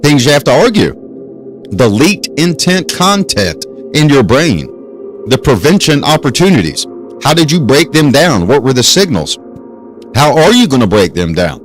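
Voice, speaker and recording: A man lecturing on his podcast, hammering his points home with rhetorical questions and repeated phrases. His pitch swings up and down a lot as he talks, and faint music plays underneath. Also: very animated, moderate pace, rough recording. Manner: emphatic, repetitive, rhetorical questions. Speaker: podcast host. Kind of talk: solo lecture-style podcast talk. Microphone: desk mic on a stand.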